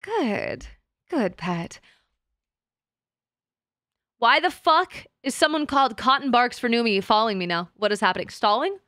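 A woman's voice: fairly high pitch, fast, few pauses, pushed and bright, no room sound. A woman streamer chatting casually with her live chat, crude and teasing, laughing often.

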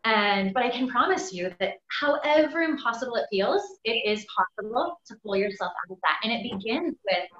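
A woman speaks candidly over a video call, her voice sitting a little high for a woman. The audio is echoey and dull, the kind of lo-fi sound a webinar gives. Her delivery is emphatic and frank. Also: animated, a little fast, hardly any pauses, fairly bright tone. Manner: candid, emphatic, swears freely. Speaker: webinar guest speaker, chiropractor. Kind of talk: personal story told on a webinar.

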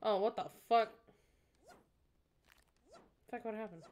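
A woman's voice: fairly high pitch, fairly even intonation, takes it slowly, a little mellow, highs cut off. A woman streamer chatting casually with a friend while playing a game, giggling often and shrieking when she gets scared. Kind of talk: casual gaming chat with a friend.

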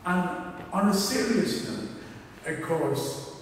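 A man's voice: high-pitched, big pitch swings, takes it slowly, slight background noise. A man preaching a sermon as a minister, chatty and humorous, with asides. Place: church. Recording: echoey church hall from far off.

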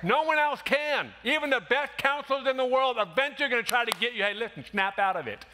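A man preaching a sermon in a church, animated and conversational, acting out quick quotes as he goes. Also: very high-pitched, a little hiss or hum. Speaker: pastor. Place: church sanctuary.

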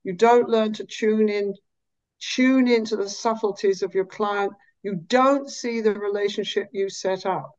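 A woman psychologist explaining her therapy in an interview, animated, sometimes dropping to a slow, soft, low voice to show how she talks to clients. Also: lo-fi sound. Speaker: psychologist and therapist, podcast guest.

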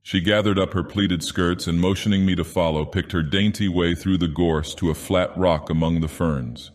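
A man reading a classic short story aloud while putting on the voice of an ancient, godlike male villain, with slow, measured, theatrical delivery. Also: deep voice, steady tone, lightly acted. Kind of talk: audiobook narration in character. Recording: long reverb added.

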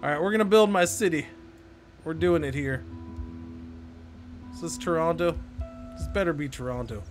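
A slightly high-voiced man talks his way through a strategy game on a live stream, muttering to himself and tossing sarcastic replies to chat. Faint music plays under his voice. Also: normal speed. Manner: chatty, self-talking, sarcastic asides to chat. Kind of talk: casual live-stream gameplay commentary.

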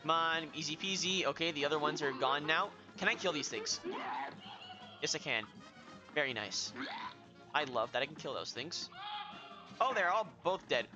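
A young man giving excitable, self-mocking commentary while playing a video game, often yelling. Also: a little high, normal speed, long pauses. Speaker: gaming video host. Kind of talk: live let's-play commentary. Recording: dull lo-fi with game music behind.

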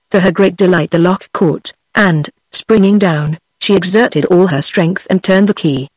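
A woman's voice: lowish voice, no room sound. Synthetic British woman reading a storybook. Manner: even synthetic reading of all parts in one voice. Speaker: narrator. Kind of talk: text-to-speech audiobook reading.

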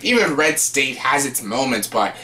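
A young man from Canada giving a casual, blunt movie review, sarcastic and quick to swear. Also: mid-range voice, sing-song, sharp tone.

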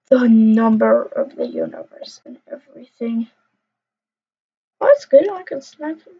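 A young woman with a fairly high voice talks slowly and loosely while she plays, mumbling to herself and tossing out jokey trash talk. The sound is dull and lo-fi, like a cheap home mic. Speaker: gamer. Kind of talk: casual gameplay commentary. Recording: dull lo-fi recording.

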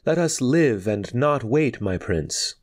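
Guy doing a defiant young dancer girl, scornful and pushy, pitched way up, storybook. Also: expressive, slow. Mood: pleading. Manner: scornful, insistent, proud. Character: bold defiant young Javanese dancer woman.

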